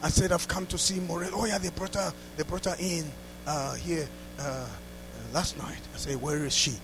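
A man preaching a sermon through a story, dropping to hushed asides and rising to loud exclamations. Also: a little high, steady tone, moderate pace, noisy background. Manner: laughs between lines.

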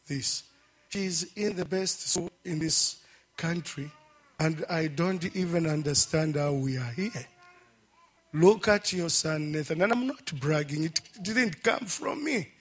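A middle-aged man in a church service gives a heartfelt testimony, his voice sitting a bit higher than most men's. He speaks slowly and haltingly, full of feeling, and keeps breaking into fervent praise. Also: husky. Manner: emotional, slow and halting. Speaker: church member giving testimony. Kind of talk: emotional church testimony and prayer.

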